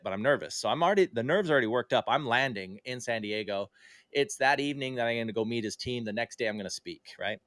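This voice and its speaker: Dry-voiced man telling an animated story. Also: lowish voice, no room sound. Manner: animated storyteller, acting out quoted dialogue in livelier tones; conversational, with frequent fillers and self-corrections. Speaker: podcast guest. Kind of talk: casual storytelling in a podcast interview.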